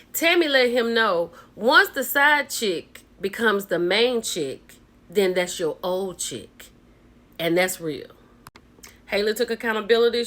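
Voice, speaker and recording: Gossipy woman recapping a show. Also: mid-range voice. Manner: animated and gossipy, keeps saying "child" and "baby". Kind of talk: casual reality-show recap commentary.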